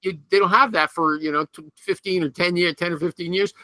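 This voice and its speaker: A man's voice: sits high, fairly even intonation, a little fast, pushed and bright, no room sound. A man hosting a casual panel chat over a video call, needling his guests with teasing questions. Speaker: host.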